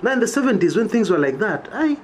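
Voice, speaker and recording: A man's voice: high-pitched, very animated, fast talker, slight background noise. A Kenyan man giving an emphatic political monologue, checking in with his listeners with "yeah?" after his points. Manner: emphatic, rhetorical, keeps asking "yeah?". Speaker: political commentator. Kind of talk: opinionated monologue.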